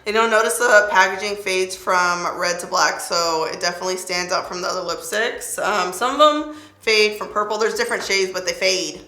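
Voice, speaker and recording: A woman's voice: mid-range voice, normal speed, bright, forceful tone. A young woman doing a chatty makeup tutorial, talking playfully through each step as she works. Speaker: beauty vlogger. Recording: roomy echo, faint music.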